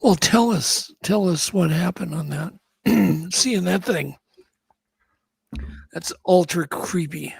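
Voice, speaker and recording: Male radio host, very husky and gravelly, short prompting questions. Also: high-pitched, slow, dry recording. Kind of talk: interviewing.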